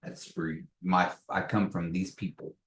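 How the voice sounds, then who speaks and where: A man teaching a language class, patiently repeating words slowly for learners. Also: sits low, little pitch movement, fairly bright tone, slight background noise. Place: classroom, echoey room. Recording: echoey room, distant mic.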